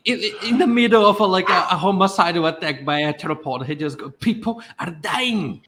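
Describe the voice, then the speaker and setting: A man hosting a podcast reacts with short, amused remarks. His voice is high and bright, with faint noise behind it. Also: steady tone, quick pace. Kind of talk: casual chat.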